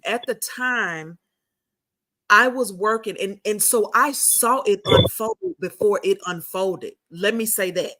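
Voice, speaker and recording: A middle-aged woman hosts a casual chat. She tells her story with feeling, stumbling and restarting as she goes. Her voice sits at an ordinary pitch for a woman. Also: bright, forceful tone. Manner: emotional storytelling with many restarts. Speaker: podcast host.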